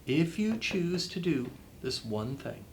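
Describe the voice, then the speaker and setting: A man's voice: fairly high pitch, big pitch swings, slow, vocal fry, a little hiss or hum. A man being interviewed as a guest author, giving advice in an emphatic way and repeating phrases for effect. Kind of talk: interview answers, motivational advice.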